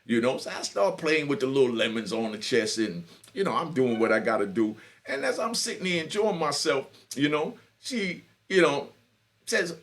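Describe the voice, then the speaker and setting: A man's voice: medium pitch, very animated, moderate pace. A man from New York telling a boastful, bawdy street story in a casual monologue, laughing often, stumbling over restarts and asking "you know what I mean.". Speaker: storyteller, channel host.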